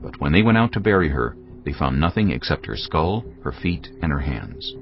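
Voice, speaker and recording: A man with an extremely deep, gravelly voice narrates scripture with lively, rolling intonation. The sound is dull and lo-fi, with soft music beneath. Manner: dramatic, measured storytelling.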